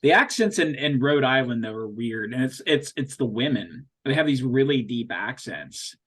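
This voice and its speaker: A man from Ohio chatting on a podcast, telling animated stories with goofy impressions. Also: mid-range voice, normal speed, breathy edge. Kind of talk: casual chat.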